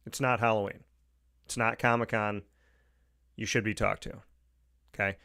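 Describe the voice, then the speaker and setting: A man's voice: mid-range voice, a bit bright. A man hosting a talk show with an Upstate New York accent, delivering an opinionated monologue, emphatic and repeating his points. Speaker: radio show host.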